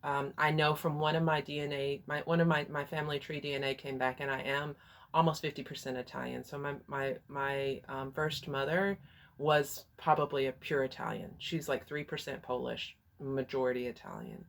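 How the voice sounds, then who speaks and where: A woman's voice: very deep voice, moderate pace, gravelly. A woman from Texas with a Texas accent, telling a personal story in a frank, candid way with some hesitations. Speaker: vlogger and life coach.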